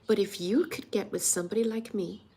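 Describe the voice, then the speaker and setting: A woman's voice: medium pitch, steady tone, fairly quick, dark tone, husky. A woman in her sixties, a weight loss coach, talking earnestly and emotionally in a personal vlog, encouraging her viewers. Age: 60s.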